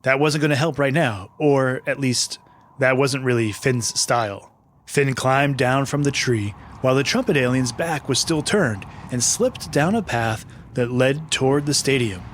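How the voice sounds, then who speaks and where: A man's voice: medium pitch, unhurried, a little hiss or hum. A man hosting and narrating a scripted children's adventure story, patient and friendly. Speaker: host and narrator.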